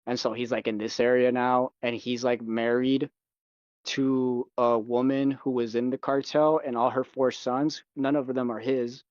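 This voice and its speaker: A man's voice: mid-range voice, little pitch movement, unhurried, a little mellow, no room sound, dull audio. A young man, a guest in casual chat, telling rambling, profane stories full of fillers. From United States.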